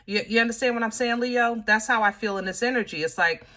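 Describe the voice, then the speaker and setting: A woman's voice: fairly high pitch, fast, bright, forceful tone. A woman giving a casual tarot reading, talking straight to her viewers in an emotional, frustrated way, full of fillers and restarts. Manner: drawling, with many fillers and restarts. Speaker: tarot reader.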